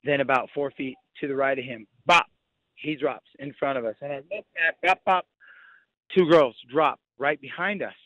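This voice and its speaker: A man's voice: mid-range voice, no room sound. Young guy on a muffled phone call, keeps restarting, dry close sound, shaken retelling. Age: young adult. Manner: halting, many restarts, vivid retelling. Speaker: phone-in guest. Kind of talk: emotional first-hand account.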